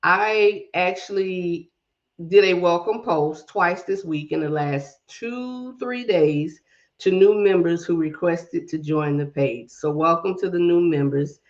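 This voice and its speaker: A woman's voice: on the low side, slow, muffled recording. A woman with a mix of Southern drawl and Brooklyn accent hosting a casual livestream, greeting viewers by name and talking herself through tech fixes. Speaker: livestream host.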